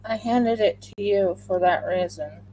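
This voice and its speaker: Slow-talking woman crafter on a livestream. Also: mid-range voice, mellow, a little hiss or hum, low-quality recording. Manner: chatty, talks through each step as she works. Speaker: crafter livestreaming a resin pour. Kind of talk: casual livestream chat while crafting.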